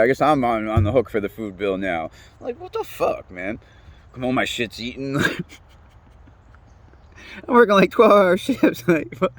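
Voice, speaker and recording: A man's voice: mid-range voice, no room sound. A man, ranting casually, rambling and swearing often. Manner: profane, rambling, animated, laughs often. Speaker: interviewee. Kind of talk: casual rant.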